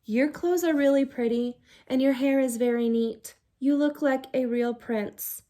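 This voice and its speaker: A woman voicing a clever, brave young princess who speaks eagerly, with gasps, whispers and shouts. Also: high voice, unhurried. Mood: sweetly cutting.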